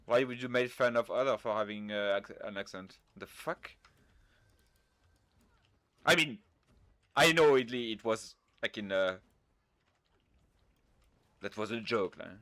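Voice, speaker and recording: A man's voice: fairly low pitch, unhurried, long pauses, pushed and bright, no room sound. A man with a French accent, chatting casually on a game stream, laid-back, swearing freely and mocking himself. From France. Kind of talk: casual live-stream chat, reading out viewer messages.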